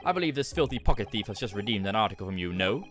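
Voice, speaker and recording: A man voicing a haughty, pompous gentleman, speaking slowly and condescendingly. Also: lowish voice, lively intonation, faint music behind. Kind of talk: reading game dialogue aloud.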